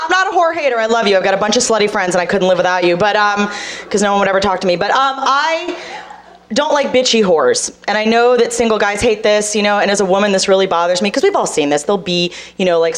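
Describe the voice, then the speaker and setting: A woman from Boston performing a stand-up comedy set, talking fast and making fun of herself. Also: medium pitch. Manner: rapid, self-mocking, acts out other people's voices. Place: comedy club stage. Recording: live club set with loud audience.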